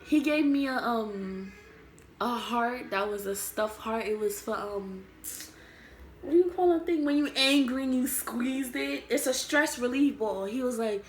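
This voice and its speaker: A woman's voice: fairly high pitch, a little slow, a little hiss or hum. A young adult woman telling a story from her school days to camera, rambling and full of fillers. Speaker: vlogger. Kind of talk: casual storytime. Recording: echoey room.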